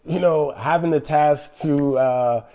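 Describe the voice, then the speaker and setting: A middle-aged man hosting an interview in a relaxed, slangy way. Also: a little high, slow. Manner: relaxed, laid-back slang. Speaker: show host. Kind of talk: casual interview chat.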